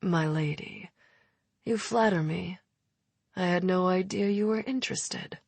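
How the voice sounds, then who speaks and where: A woman's voice: fairly low pitch, unhurried, creaky, dry recording. A woman voicing an arrogant young male faerie king in an audiobook, with a lazy, amused drawl. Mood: mocking. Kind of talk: audiobook character voice.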